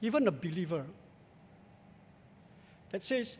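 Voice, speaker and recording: Male Singaporean pastor, high voice, measured emphatic sermon in a church. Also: lively intonation. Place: large church sanctuary. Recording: long church hall reverb.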